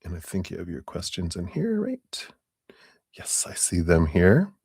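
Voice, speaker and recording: A man with a deep, low-set voice gives a live tarot reading in unhurried, drawn-out phrases. He rambles casually, leaning on "you know" fillers and soft chuckles. The sound is dry and close, with no room around it. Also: wildly swooping pitch, slightly rough, dry recording. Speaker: tarot reader hosting a live stream.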